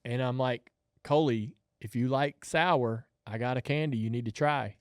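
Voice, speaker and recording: Man in his fifties, podcast co-host, animated storyteller, dry close mic. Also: mid-range voice, moderate pace, no echo. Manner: animated storyteller, laughs often. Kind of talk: casual storytelling chat.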